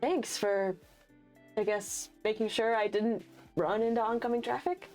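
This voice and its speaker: Woman doing a relaxed, friendly young jock, a little bashful, quick and offhand. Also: a little high, soft background music, close to an everyday voice. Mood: easygoing. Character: tall, built young man, laid-back and friendly.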